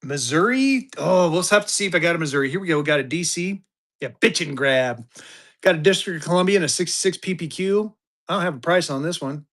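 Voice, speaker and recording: A man in his fifties running a live-stream auction, talking fast and joking through his patter. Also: fairly high pitch. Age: 50s. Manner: energetic, joking, drawling "y'all" asides.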